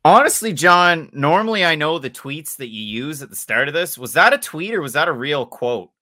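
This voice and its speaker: A man from Canada, co-hosting a casual podcast chat in an animated, joking way. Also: fairly high pitch, moderate pace. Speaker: podcast co-host.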